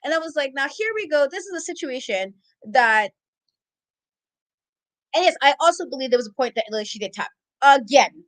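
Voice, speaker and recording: A high-voiced woman recaps a wrestling show with sass and exasperation. She talks casually and animatedly as a co-host. Her voice is close and dry. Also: animated, normal speed, long pauses, no room sound, rough recording. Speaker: podcast co-host.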